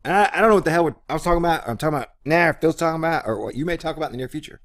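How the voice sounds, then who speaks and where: A man's voice: on the high side, animated, rapid-fire, fairly bright tone, dry recording, studio quality. A man riffing jokingly as co-host of a casual talk recording made in an apartment, swearing and wandering off topic. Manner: jokey, swearing, tangential. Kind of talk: rambling comedic commentary.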